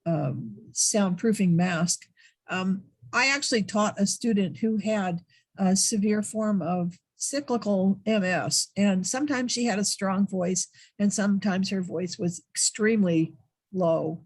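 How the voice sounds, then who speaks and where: Husky-voiced woman professor on a call. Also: mid-range voice, a little slow. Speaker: professor and audience member. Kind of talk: asking questions in a webinar. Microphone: video call.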